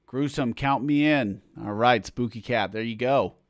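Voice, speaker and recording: A man's voice: mid-range voice, a little slow. A man chats casually on a livestream from a room at home, reading viewer comments aloud and trailing into rambling asides full of fillers. His voice sits in an ordinary middle range. The sound is dry, with little room echo. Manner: rambling, chatty, self-interrupting with fillers. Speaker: musician hosting a livestream for supporters.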